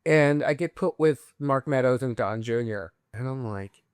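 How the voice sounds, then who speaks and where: A man's voice: mid-range voice, measured pace, clean tone, no room sound, clean studio sound. A young man telling a long anecdote in casual chat, quoting people in voices. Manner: animated anecdote-teller, quoting others in voices. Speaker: guest.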